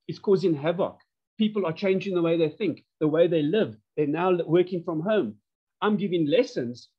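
A man's voice: sits high, slightly rough, dull audio. Emphatic man lecturing online. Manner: animated and emphatic, repeats phrases. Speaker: course instructor. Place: home lounge.

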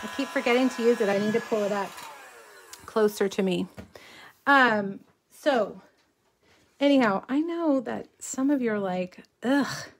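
A middle-aged woman from South Texas with a slightly higher voice. She chats loosely while crafting live on camera, drifting into stories and reading viewers' comments aloud. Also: unhurried, long pauses, breathy edge. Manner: chatty, rambling, reads viewer comments aloud while working. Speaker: crafting livestream host. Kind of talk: casual crafting livestream chat.

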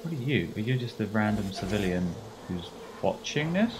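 A man's voice: on the low side, big pitch swings, moderate pace, noisy background. A man giving casual, sarcastic, joking commentary while playing a video game. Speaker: gamer.

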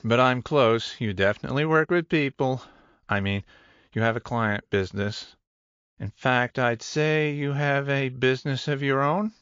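A man's voice: medium pitch, a little slow, fairly bright tone, smooth, no room sound, pitched above the performer's own voice, natural voice. A man voicing an eager, chatty young male gym trainer who rambles enthusiastically, in a dull, dry audiobook recording.

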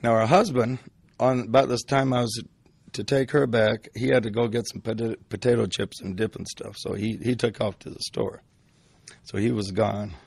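A man's voice: lowish voice, fairly even intonation, moderate pace, vocal fry, darkish tone, husky, dry recording. An older man telling a personal story in a casual, rambling way, full of restarts.

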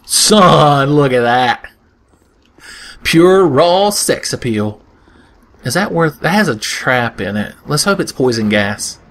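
A man's voice: fairly high pitch, animated, takes it slowly, fairly bright tone. A young man giving casual, joking gameplay commentary with crude humor, often slipping into silly voices. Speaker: let's play host.

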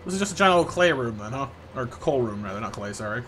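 A man's voice: mid-range voice, big pitch swings, fast, a bit bright, a little hiss or hum. A man streaming live gameplay, chatting playfully with viewers and reacting to the game.

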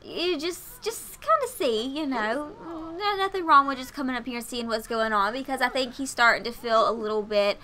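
A woman's voice: high voice, moderate pace, hardly any pauses, bright, forceful tone, slight background noise. A young woman doing casual gameplay commentary, chatty and gushing with lots of fillers. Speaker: let's play host.

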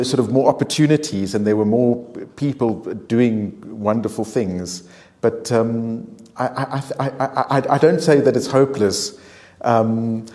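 A man, an author speaking as a guest on a discussion panel, answering in a halting way full of repeated words and restarts. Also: medium pitch, mellow. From South Africa.

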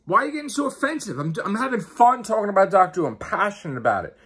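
A man's voice: sits high, big pitch swings, fast, a bit bright, slightly rough. A man who hosts a YouTube channel and podcast, giving an exasperated, profane rant and repeating his questions. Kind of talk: angry ranting vlog.

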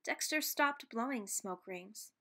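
A woman reading a children's picture book aloud, expressive and playful with sound words. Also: on the high side, takes it slowly. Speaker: read-aloud narrator.

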